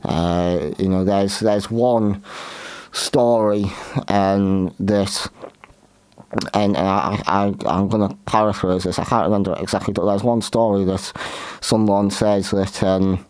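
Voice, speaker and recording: A man hosting a history talk show, giving opinionated commentary in a halting way, often repeating and restarting his words. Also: fairly low pitch, fairly even intonation, a little mellow, smooth, dry recording.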